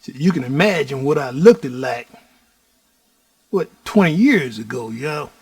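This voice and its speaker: Slow, husky man telling his story. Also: medium pitch, lively intonation, dry recording. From Houston, Texas. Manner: slow preaching cadence, repeats "y'all" constantly. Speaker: storyteller host. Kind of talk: personal storytelling monologue.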